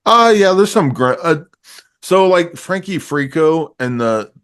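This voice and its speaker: A man's voice: a little high, lively intonation, a little slow, a bit bright, clean tone. A man reviewing a movie in casual chat, rambling and laughing often as he acts out scenes.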